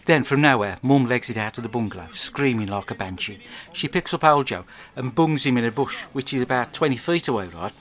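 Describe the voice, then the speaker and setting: A man with an English accent telling a crude comic diary monologue, rambling and deadpan. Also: medium pitch, brisk, few pauses. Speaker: podcast host.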